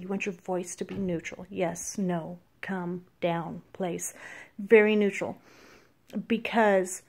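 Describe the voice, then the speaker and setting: Female dog trainer, how-to lesson; calm, plain delivery with fillers and pauses. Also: mid-range voice. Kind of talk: instructional how-to talk.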